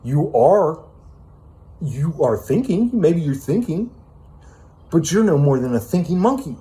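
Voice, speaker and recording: A man's voice: fairly high pitch, big pitch swings, measured pace, warm tone. A man giving an unscripted self-help monologue, ranting with emphatic profanity and casual fillers like "man" and "you know.".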